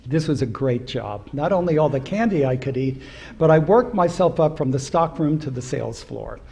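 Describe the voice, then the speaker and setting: A man's voice: on the high side, animated, normal speed, creaky, darkish tone. A rabbi in his seventies giving a humorous anecdotal speech at a celebration, acting out the voices of people in his stories. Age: 70s. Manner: storytelling with humor, acts out quoted voices. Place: synagogue hall at an event.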